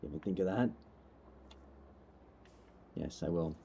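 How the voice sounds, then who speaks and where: A deep, mellow voice with vocal fry and a measured pace belongs to a man streaming a farming game. He chats casually with viewers, laid-back and joking as he rambles. There's slight background noise, and the lo-fi mic is a little muffled.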